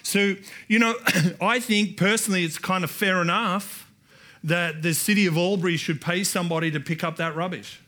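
Bright-voiced Australian pastor preaching. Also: male voice, sits high, fairly even intonation, moderate pace. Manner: builds to emphatic repeated lines, calls out to the congregation. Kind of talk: sermon. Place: church hall.

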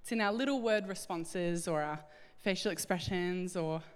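A middle-aged woman preaching a sermon, animated and acting out little scenes in different voices. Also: lowish voice, normal speed, clean tone. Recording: echoey hall with long reverb.

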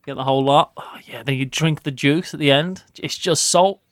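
A young British man from the West Midlands with a softened accent, chatting casually as a podcast co-host in a rambling, quick way. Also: a little high, dry recording, clean studio sound. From West Midlands, England. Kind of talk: casual chat.

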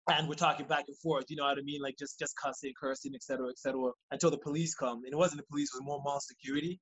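A man, a podcast guest, telling a story in casual, profane, animated fashion and acting out what people said. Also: mid-range voice, husky, rough recording. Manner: rapid, animated, profane, acts out quoted lines.

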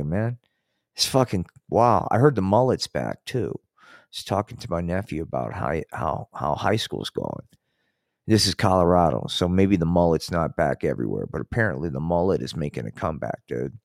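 A man's voice: deep voice, no room sound, studio quality. An older man hosting a podcast, rambling through a casual, profane monologue full of restarts. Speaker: podcast host. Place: Colorado.

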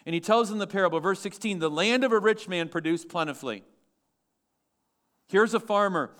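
A man's voice: high voice, a little fast, fairly bright tone. A man pastor preaching a sermon to his church, emphatic and asking the congregation questions.

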